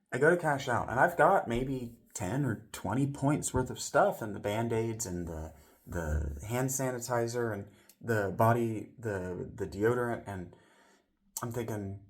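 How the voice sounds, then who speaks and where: A man tells a personal story straight to the camera in a loose, casual vlog style. His voice sits at an ordinary middle pitch. He rambles, keeps restarting and correcting himself, and slips into the voices of the people he quotes. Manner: voices other people's lines in the retelling. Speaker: vlogger telling a personal story.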